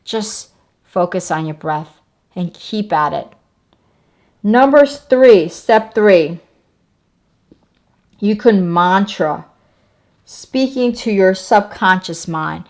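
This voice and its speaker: A woman hosting a wellness channel, giving calm step-by-step self-help advice to the viewer and repeating key phrases. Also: on the low side, slow pace, pauses often. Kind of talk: self-help talk to camera.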